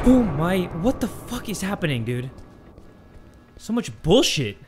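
A young man, playing a horror game on his channel, swearing, muttering low and then screaming in fright or joy. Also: very animated, measured pace, long pauses, soft background music. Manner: jumpy, swears a lot, swings from muttering to screaming. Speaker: gaming YouTuber. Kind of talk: horror game let's play commentary.

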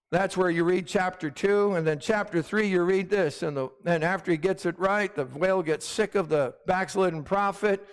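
High-voiced preacher in a reverberant church. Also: male voice. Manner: emphatic, calls for "Amen?" from the congregation. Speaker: pastor. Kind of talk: sermon. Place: hot church sanctuary with fans running. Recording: long hall reverb.

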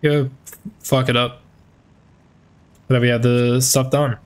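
A male streamer talks over his game in loose, slangy chatter. He swears here and there. His voice sits at a middle pitch. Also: little pitch movement, takes it slowly, clear, resonant tone. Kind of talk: gaming commentary.

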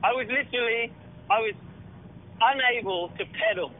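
A man's voice: very high voice, normal speed. A man, a cyclist in a long race, chatting on a phone call, telling his story in a laughing, self-mocking way. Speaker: ultra-distance cyclist in a race. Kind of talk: casual phone chat. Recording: tinny phone line.

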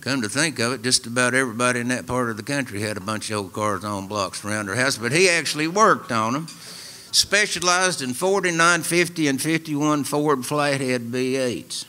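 A man's voice: mid-range voice, moderate pace, sharp tone. An older man from East Tennessee with a local accent, telling a wry, folksy story to a live radio studio audience. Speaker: storyteller and musician.

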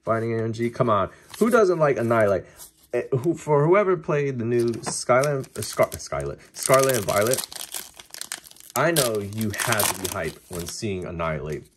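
A man casually talking through a card-opening video, chatty and excitable as he reacts to each pull. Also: mid-range voice, normal speed, background noise.

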